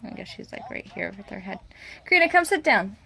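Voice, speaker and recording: A woman's voice: medium pitch, sing-song, fairly quick, gravelly, pushed and bright. A young woman filming a home vlog as a mother. She vents frankly about her day, then turns sweet and coaxing when she speaks to her child. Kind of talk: casual home vlog chat. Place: family home, indoors.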